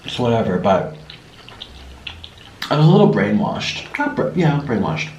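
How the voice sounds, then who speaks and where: A man's voice: on the high side, normal speed, highs cut off, slight background noise. Chatty man vlogging, echoey room. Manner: chatty, animated storytelling with food in mouth. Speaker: mukbang vlogger. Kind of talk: casual chat while eating. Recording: echoey room, mic somewhat far.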